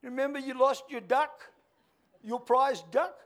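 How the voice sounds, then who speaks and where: A man's voice: very high-pitched, measured pace, a bit bright, voice pushed up. A man voicing a remorseful little boy owning up to his grandmother. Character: guilty little boy confessing.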